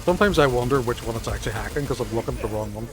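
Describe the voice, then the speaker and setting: A man's voice: medium pitch, expressive, racing. A man, commentating his live gameplay and bantering profanely with chat. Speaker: gaming streamer.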